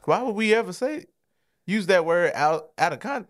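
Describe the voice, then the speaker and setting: Lively man with a dry close sound. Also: sits high, moderate pace, no room sound. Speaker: podcast co-host. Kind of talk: casual chat.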